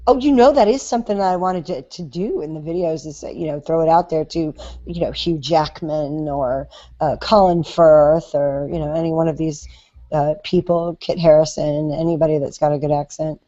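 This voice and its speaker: A woman's voice: sits low, fairly even intonation, normal speed, mellow, lo-fi sound. A woman hosting a podcast in casual chat, talking in a chatty, hesitant way with many fillers. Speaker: podcast host.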